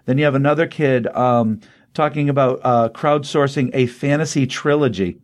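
A man's voice: medium pitch, moderate pace. Chatty middle-aged man co-hosting. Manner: conversational, chatty plot retelling with frequent fillers. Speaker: podcast co-host reviewing comics. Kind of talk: casual review chat.

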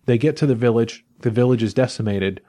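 Mellow-voiced man recapping a story. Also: medium pitch, fairly quick. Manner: rambling, with frequent restarts and fillers. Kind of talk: casual plot recap.

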